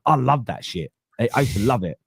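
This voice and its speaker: Swearing East London football podcaster. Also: male voice, mid-range voice, a little fast, gravelly, breathy edge, no echo, studio quality. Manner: animated storyteller, swears freely, acts out quotes. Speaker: podcast host. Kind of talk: casual football podcast chat.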